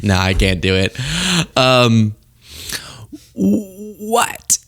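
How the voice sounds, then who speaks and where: A man hosting a political commentary show, talking in an animated, exasperated, rambling way. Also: mid-range voice, extremely slow.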